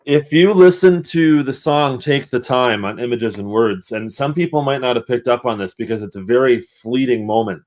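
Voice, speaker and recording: A man's voice: medium pitch, moderate pace, hardly any pauses, a little mellow. A man who is a guest on a music podcast, chatting casually and eagerly sharing what he knows. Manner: chatty, eager to share knowledge. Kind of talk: casual chat.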